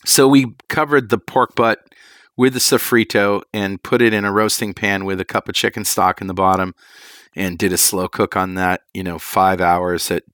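Male co-host, lowish voice, rambling casual cook-talk, dry close mic. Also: moderate pace, no echo. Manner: rambling, relaxed, laughs easily. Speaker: cooking podcast co-host. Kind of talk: casual chat.

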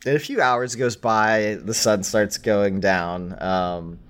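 Slow, low-voiced male game master. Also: fairly even intonation, fairly bright tone, smooth. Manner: slow, halting, many fillers. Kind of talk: narrating a tabletop game.

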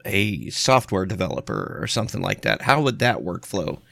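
A man with an American accent on a casual podcast, speaking in a halting way as he searches for words. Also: on the low side, big pitch swings, vocal fry, fairly bright tone, no echo. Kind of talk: casual chat.

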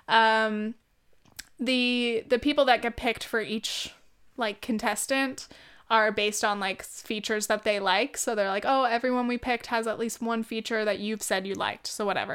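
A woman's voice: on the high side, a bit bright, smooth. A young woman in her twenties talking casually in a rambling way, full of "like" and swearing, with frequent laughs. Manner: rambling, lots of "like", swears freely, laughs often. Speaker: vlogger. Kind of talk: casual chat.

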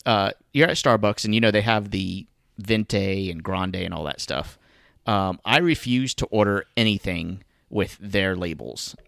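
A man's voice: lowish voice, a little slow, creaky, fairly bright tone, dry recording, clean studio sound. A man co-hosting a podcast in casual chat, grumbling and rambling with lots of fillers and restarts. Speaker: podcast co-host.

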